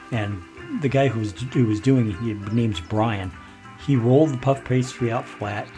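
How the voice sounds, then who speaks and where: Man, mid pitch, rambling chatty storyteller, chuckles, soft music behind. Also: normal speed. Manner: rambling, chuckling, restarts, quotes others. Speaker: gameplay commentator. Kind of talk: casual storytelling while playing.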